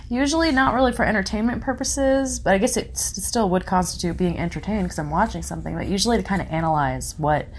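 A worn-out woman hosting her own show, talking in a halting way with nervous laughs, close to tears. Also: medium pitch. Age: young adult to middle-aged parent. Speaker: podcast host. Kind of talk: casual solo commentary reading listener comments.

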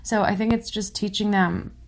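A worn-out woman hosting her own show, talking in a halting way with nervous laughs, close to tears. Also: mid-range voice, fairly even intonation. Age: young adult to middle-aged parent. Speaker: podcast host. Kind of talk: casual solo commentary reading listener comments.

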